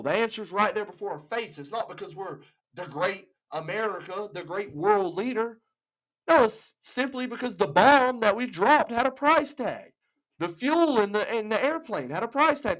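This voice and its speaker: A man's voice: high-pitched, fairly bright tone, low-quality recording. A man hosting his own show, ranting angrily with lots of swearing and hard emphasis. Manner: angry, profane, heavy emphasis. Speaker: host. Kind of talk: ranting commentary. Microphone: home setup.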